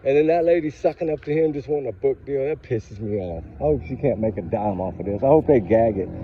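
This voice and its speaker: A man's voice: mid-range voice, lively intonation, fast, highs cut off, slight background noise. A man hosting a true crime channel, ranting angrily to his viewers while walking around a grocery store parking lot. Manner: angry, fired up, talks straight to viewers. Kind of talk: casual ranting vlog to viewers.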